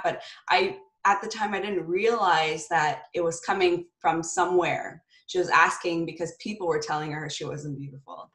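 Low-voiced woman in an echoey room. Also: a bit bright. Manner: earnest, storytelling, frequent restarts. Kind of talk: casual conversation.

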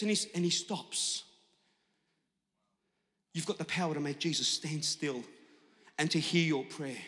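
High, bright-voiced pastor preaching loudly. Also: male voice, measured pace, pauses often. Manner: impassioned preaching, shifts from hushed to shouting. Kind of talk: sermon. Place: large church hall. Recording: church hall with long reverb.

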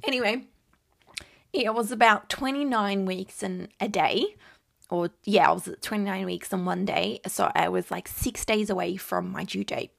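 Woman, twenties, gravelly fry, chatty and blunt, casual storytime vlog. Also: mid-range voice, moderate pace, fairly bright tone, no echo, clean studio sound. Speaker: vlogger host.

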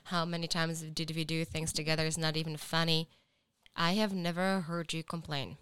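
On a podcast, a woman with a low voice speaks at a normal pace, her delivery flat and her tone clean in a dry recording. She earnestly and warmly praises someone, then rises into loud, laughing teasing in this casual, heartfelt chat.

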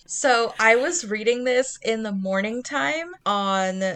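A young married woman co-hosting a book podcast, telling her reactions in a chatty, animated way with casual fillers. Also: a little high, slow, clear, resonant tone.

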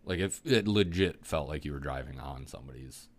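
A man with a remarkably low, rumbling voice tells a hunting story in a loose podcast chat. He talks with lively energy and swears freely. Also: brisk.

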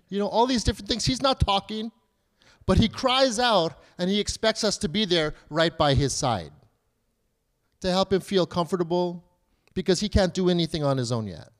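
Male pastor, thirties, slightly high voice, chatty sermon delivery with rhetorical questions. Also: moderate pace. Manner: conversational preaching with rhetorical questions; acts out children's and believers' pleas in a higher voice.

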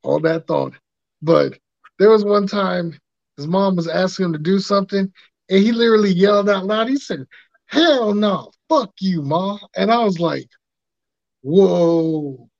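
A man with a gravelly, fairly high voice tells laid-back stories in casual podcast banter. His audio is dull and lo-fi, dry with no room sound. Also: normal speed, no room sound. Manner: laid-back storyteller, profane. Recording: dull lo-fi mic.

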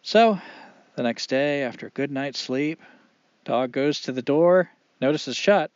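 Man, oral storytelling, animated, expressive, dull lo-fi, dry. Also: medium pitch, no echo. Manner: animated, expressive, dramatic pauses.

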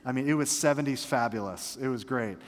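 A man's voice: mid-range voice, fairly quick. A male pastor preaching a sermon, fervent and emphatic, with humorous asides. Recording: long reverb of a large hall.

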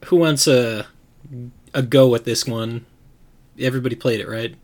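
A man's voice: mid-range voice, steady tone, moderate pace. Man hosting in mock announcer style. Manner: playful mock sports-announcer delivery. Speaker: podcast host. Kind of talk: casual podcast chat.

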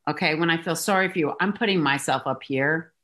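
A woman's voice: deep voice, fairly quick, a bit bright. A woman executive coach being interviewed, explaining her points emphatically and acting out little examples. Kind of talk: conversational interview.

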